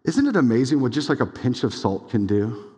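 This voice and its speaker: A young adult man preaching a sermon as pastor, casual and animated, full of "like"s and quick asides. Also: mid-range voice, breathy edge. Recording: long hall reverb.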